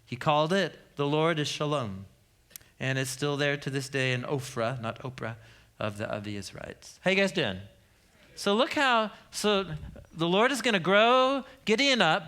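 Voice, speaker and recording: Man, thirties, Bible teacher, sermon, humorous storyteller, lively pitch, bright tone. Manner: lively, humorous storyteller who laughs often.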